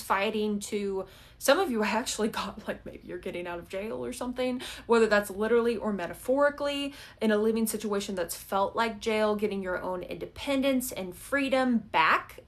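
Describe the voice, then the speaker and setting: Casting note: chatty tarot-reading woman, blunt and casual, mid-pitched voice that keeps checking in with the viewer. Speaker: tarot reader.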